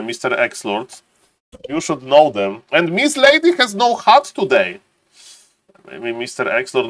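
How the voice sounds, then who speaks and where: A man's voice: medium pitch, fairly bright tone. A man streaming live, walking viewers through a strategy game test step by step and greeting his chat.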